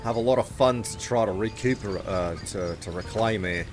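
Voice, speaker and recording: A man's voice: fairly low pitch, normal speed, background noise. A man streaming a game live, chatting casually and thinking aloud as he plays. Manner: casual, rambling, thinking aloud while playing. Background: game music.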